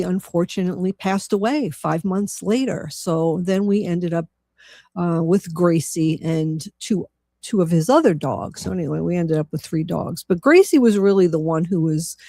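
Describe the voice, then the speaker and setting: A woman's voice: on the low side, darkish tone, no echo, clean studio sound. Emotional, determined woman guest. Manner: emotional, determined, many fillers. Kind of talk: casual chat.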